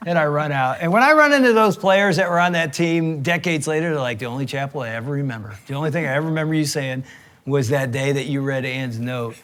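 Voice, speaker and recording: A man's voice: fairly high pitch, fast talker. A middle-aged man co-hosting a talk show, telling stories and acting out the quotes. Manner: animated storyteller, acts out quotes. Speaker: pastor and podcast co-host. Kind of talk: casual storytelling chat.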